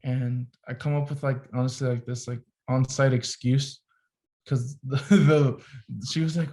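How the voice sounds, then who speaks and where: Unhurried and mid-range in voice, a young adult photographer on a podcast spins a casual, animated tale, using "like" over and over.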